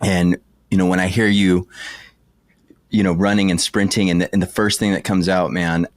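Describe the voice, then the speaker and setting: A man's voice: low-pitched, flat delivery, normal speed, no echo, studio quality. A man hosting a podcast, talking in a reflective, earnest way with many hesitations. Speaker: podcast host. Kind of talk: reflective interview talk.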